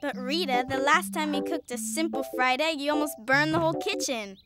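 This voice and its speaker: A vain, cheerful cartoon cow voiced by a woman speaks with a high, self-assured voice. She talks with easy pride about her singing. Bright children's music plays beneath her lines. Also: brisk, close to an everyday voice. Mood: smug. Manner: proud, self-assured, breaks into loud opera singing. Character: vain cheerful female cow who sings off-key. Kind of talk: dubbed cartoon acting.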